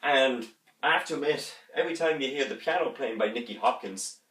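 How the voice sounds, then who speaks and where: A man talks through an unboxing in a rambling, excited way, humming and thumping out instrument parts as he goes. He sits well back from the mic in a room with a roomy echo. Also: mid-range voice, a little fast, recorded from a distance. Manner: enthusiastic, rambling, imitates instruments with his voice. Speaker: music reviewer.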